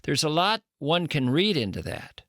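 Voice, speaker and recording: Dry-sounding host recapping a story. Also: male voice, fairly high pitch, very animated, moderate pace, a bit bright, dry recording. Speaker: podcast host. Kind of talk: interview commentary.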